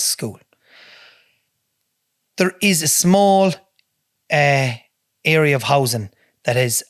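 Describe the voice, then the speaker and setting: A man's voice: mid-range voice, fairly bright tone, dry recording. An Irish man, a podcast guest, telling a story in a blunt, heavy-swearing way in a studio. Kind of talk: casual storytelling.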